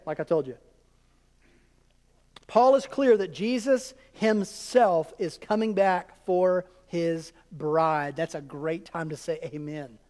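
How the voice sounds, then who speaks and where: A man preaches to his congregation, keeping it conversational with asides and questions to the pews. His voice sits high for a man, and it rings out with the long reverb of a church hall. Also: darkish tone. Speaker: pastor. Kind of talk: sermon. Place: church sanctuary.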